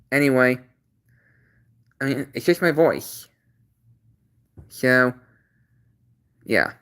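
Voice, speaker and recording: A man hosting his own channel stream, laying out chat rules in a halting, repetitive way with many restarts, earnest and apologetic at times. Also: medium pitch, bright, forceful tone. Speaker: channel host. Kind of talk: casual livestream talk.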